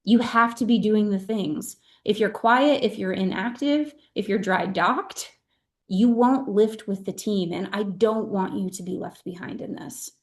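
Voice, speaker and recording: A woman's voice: medium pitch, measured pace. A middle-aged woman leading her sales team on a video call, speaking in an earnest, emphatic and heartfelt way. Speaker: direct-sales team leader.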